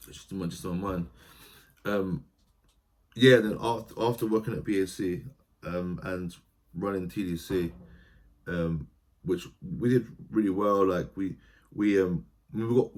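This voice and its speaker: A man, a theatre practitioner talking as a podcast guest, animated and storytelling, often breaking into quoted voices and restarting his sentences. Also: low-pitched. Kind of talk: conversational podcast interview.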